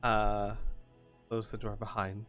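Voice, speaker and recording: A man narrating as game master of a tabletop role-playing game, with a relaxed, filler-heavy manner. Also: lowish voice, slow, soft background music.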